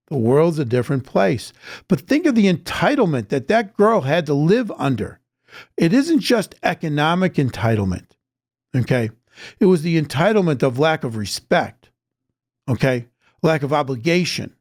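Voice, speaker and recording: A blunt, emphatic man in his sixties lectures straight to camera, his voice sitting somewhat high for a man. The sound is dry and close, with almost no room echo. He talks in an opinionated, lecturing way and leans hard on his points. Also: a little mellow. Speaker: social media commentator.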